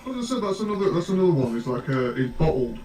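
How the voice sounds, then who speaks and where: A man's voice: a little high, very animated, quick pace. British man, far off in an echoey room. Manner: teasing, explains slang. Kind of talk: casual chat. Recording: echoey room, off-mic, music behind.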